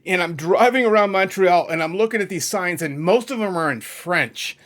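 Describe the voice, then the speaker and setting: Talking over a map, a middle-aged man from New England, USA, hosts his YouTube music channel in a high, fairly bright voice with lively intonation at normal speed. His chat is casual and wanders into asides and self-corrections.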